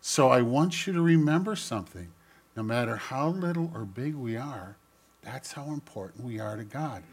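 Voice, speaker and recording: An older man, a pastor, giving a gentle storytelling children's sermon and speaking directly to the kids. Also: mid-range voice, breathy edge.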